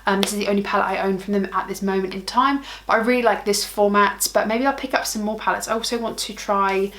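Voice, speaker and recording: A woman beauty vlogger chatting casually to camera in a mid-pitched voice. She gushes with bubbly enthusiasm and pokes fun at herself. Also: fairly even intonation, quick pace, a bit bright, slight background noise. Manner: gushing, bubbly, self-mocking. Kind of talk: casual product ranking chat.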